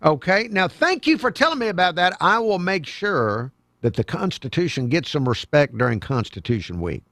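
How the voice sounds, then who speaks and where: A man's voice: a little high, very animated, normal speed, a bit bright, no room sound. A man hosting a call-in radio talk show in a studio, chatty and folksy as he takes calls. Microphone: studio microphone.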